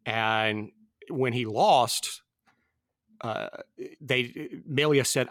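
50s guy on a podcast, mid pitch, rambly, tons of ums, dead dry mic. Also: very slow, a bit bright, no echo. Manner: rambling, with many fillers and restarts. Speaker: podcast host. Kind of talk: casual film discussion.

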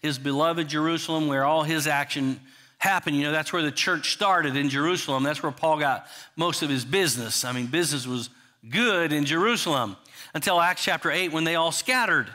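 A pastor preaches conversationally, often restarting, dropping "you know" asides, and posing questions to the congregation. His fairly quick voice is on the high side, pushed and bright.

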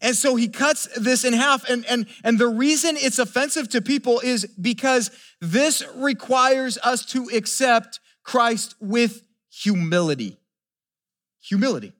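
A pastor delivers a sermon in a very high-pitched, expressive, slightly bright voice, speaking a little slowly. He's earnest, keeps posing rhetorical questions to the listeners, and stumbles over repeated words as he builds each point.

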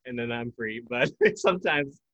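A young man and father sharing a bedtime routine in church, speaking hesitantly with halting pauses. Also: medium pitch, expressive, fairly bright tone. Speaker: congregation member sharing. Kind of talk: personal testimony.

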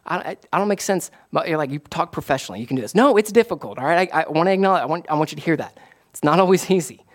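A man, a pastor, preaching a casual, conversational sermon that rises to excited emphasis. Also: high voice, rapid-fire. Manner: animated, rising to excited emphasis.

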